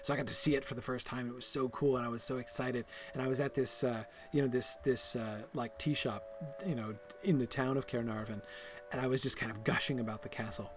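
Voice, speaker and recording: Over some background noise, a streamer with a medium-pitched, fairly even voice talks a little fast while playing a game. His lecture drifts casually, packed with fillers and restarts, and he laughs at himself with plenty of enthusiasm.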